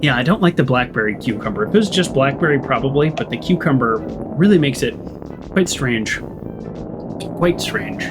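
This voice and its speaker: Casting: chatty gaming host, man, animated pitch, game music faint behind. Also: normal speed. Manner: chatty, laughs often. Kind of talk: casual let's-play commentary.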